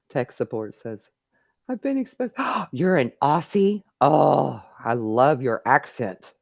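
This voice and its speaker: A woman's voice: extremely low pitch, expressive, takes it slowly, creaky, a little mellow, slightly rough, no room sound, lo-fi sound. A middle-aged woman hosting a live call-in stream, chatting casually and reading viewer messages aloud. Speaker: live call-in show host.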